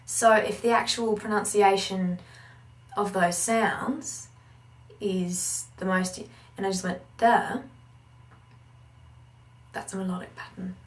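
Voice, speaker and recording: Woman accent coach, casual and animated, mic set back in a roomy space. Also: medium pitch, measured pace, far from the mic. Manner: animated, breaks into sung syllables and mock accents to demonstrate. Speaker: accent and dialect teacher. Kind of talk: casual spoken lesson.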